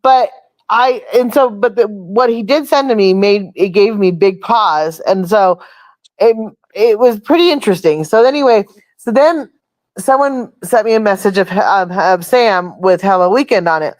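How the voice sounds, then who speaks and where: A woman's voice: medium pitch, normal speed, a little mellow, no room sound. A woman hosting a casual chat, telling a long rambling story and swearing freely. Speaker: host.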